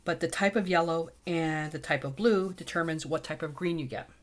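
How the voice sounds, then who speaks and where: A woman's voice: deep voice, normal speed. A middle-aged woman teaching a casual painting tutorial, chatty and thinking aloud as she mixes colours.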